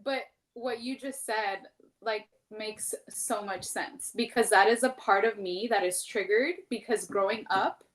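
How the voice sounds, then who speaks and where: A woman's voice: medium pitch, a little slow. Candid, rambling woman in her thirties. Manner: candid, rambling, heavy use of "like", swears freely. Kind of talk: casual podcast chat.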